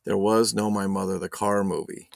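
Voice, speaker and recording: A low, gravelly male voice runs a loose, joking live stream from his home setup. He swears casually and reads viewers' chat aloud. The sound is dry and close, with no room echo. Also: level tone, normal speed.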